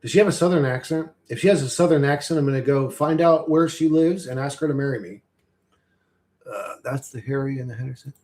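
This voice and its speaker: A man's voice: medium pitch, a little mellow. Rambling, cursing man chatting on stream. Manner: rambling, profane, chuckling often. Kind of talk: casual rambling live-stream chat.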